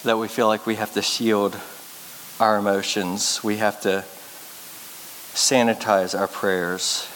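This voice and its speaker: A man's voice: on the low side, normal speed. Man preaching in a reverberant hall. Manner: earnest storytelling preacher, lively when telling anecdotes. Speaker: pastor. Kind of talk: sermon. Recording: reverberant hall with faint hiss.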